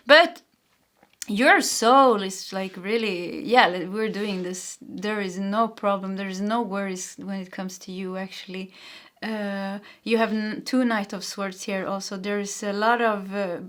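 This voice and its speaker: A woman with a Swedish accent giving a pick-a-card tarot reading, gentle and reassuring, with soft laughs and restarts. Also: mid-range voice, steady tone, a little slow. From Sweden. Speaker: tarot reader.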